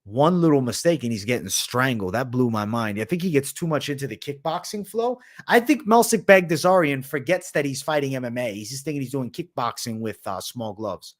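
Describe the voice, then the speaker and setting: Expressive and a little fast with few pauses, this young man's mid-range voice leads a casual livestream. He answers viewers' questions, which he reads out loud, bluntly and in slang, frequently throwing in "bro" and "man."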